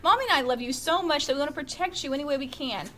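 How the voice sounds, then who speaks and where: Woman reader as a goofy, teasing father in a storybook read-aloud, high pitched. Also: very fast, sharp tone, slight background noise. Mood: earnest. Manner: teasing and upbeat. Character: a playful, joking father.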